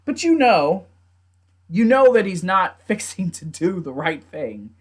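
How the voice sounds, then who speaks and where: Animated man recapping a wrestling match. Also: high-pitched, a little slow, husky. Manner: animated, laughs often, voices the wrestlers in quotes. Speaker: wrestling show reviewer. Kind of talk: casual recap with acted quotes.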